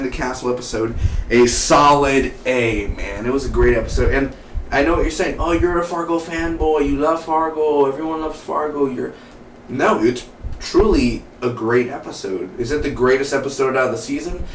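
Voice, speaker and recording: A man's voice: medium pitch, brisk. A man casually reviewing a TV episode, rambling and enthusiastic, with lots of fillers and "dude" and "man". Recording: roomy echo from far off the mic, light hiss.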